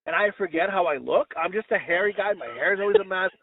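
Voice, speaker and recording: A man's voice: expressive, fast talker, vocal fry. A man co-hosting a podcast, telling rambling, crude, self-mocking stories and acting out what people said. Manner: acts out quoted voices in high pitch. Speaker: podcast co-host. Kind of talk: casual storytelling chat. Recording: dry, phone-like lo-fi audio.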